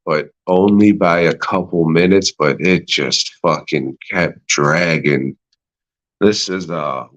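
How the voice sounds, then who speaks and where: This solo podcast host from the United States has a low voice with a fairly bright tone. He rambles through a profane, sarcastic movie review, laughing at his own jokes along the way.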